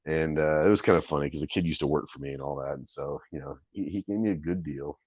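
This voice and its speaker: Middle-aged podcast host, really low voice, rambles and repeats himself, dull dry lo-fi sound. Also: male voice, quick pace, darkish tone, husky, no echo. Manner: rambling, repeats words, acts out quoted dialogue. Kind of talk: casual storytelling.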